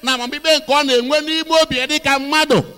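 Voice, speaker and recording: A man with an Igbo accent interpreting a sermon line by line, quick and forceful. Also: very high voice, fairly even intonation. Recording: echoey hall.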